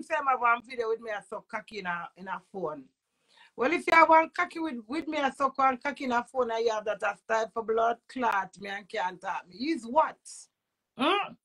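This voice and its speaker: A woman's voice: high voice, a bit bright. A woman with a Jamaican accent, a vlogger delivering an agitated, repetitive emotional rant full of swearing.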